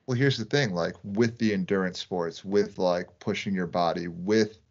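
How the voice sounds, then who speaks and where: A man co-hosting a casual podcast, working through his ideas out loud and checking in with his partner as he goes. His voice is low-pitched. The sound is muffled and lo-fi. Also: normal speed. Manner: thinks aloud, often adds "like" and "right?". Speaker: podcast co-host. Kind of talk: casual conversation.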